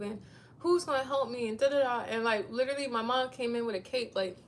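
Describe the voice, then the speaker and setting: With slight background noise, a woman in her thirties vlogs in a high, brisk, somewhat bright voice. She meanders through casual chat with her viewers, using "like" over and over.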